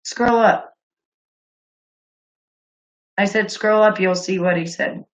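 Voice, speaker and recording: A woman's voice: medium pitch, slow pace, lo-fi sound. A woman hosting a call-in livestream, talking bluntly with angry outbursts and lots of swearing. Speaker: livestream host taking calls.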